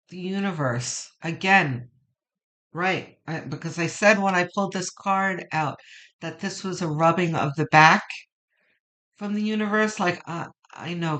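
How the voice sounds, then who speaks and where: Tarot reader, weekly reading, slow, rambling, emotional, bright voice. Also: mid-range voice. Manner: reflective and rambling, with many fillers and restarts; emotional, moved near tears.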